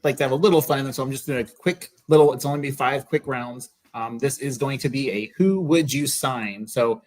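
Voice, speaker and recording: A man hosting a sports podcast, relaxed and casual, with many fillers. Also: mid-range voice, brisk. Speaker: podcast host. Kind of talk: casual chat.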